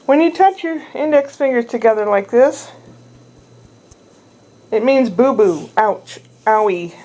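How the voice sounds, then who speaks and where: A vlogger caring for a toddler rambles casually and meanders through an account of her day looking after the child. Her woman's voice is on the high side and warm, with lively intonation and a measured pace. The recording quality is low.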